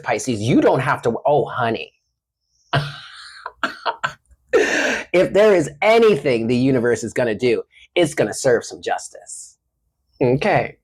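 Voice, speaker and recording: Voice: mid-range voice, darkish tone, breathy edge. A tarot reader giving a casual reading, affectionate and slangy, calling the listener honey and baby. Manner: chatty with frequent laughs.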